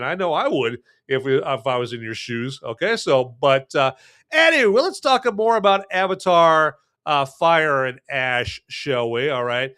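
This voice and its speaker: A man hosting a podcast, reviewing a film in an animated, sarcastic chat full of "you know" and "okay?". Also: a little high. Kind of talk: casual chatty review.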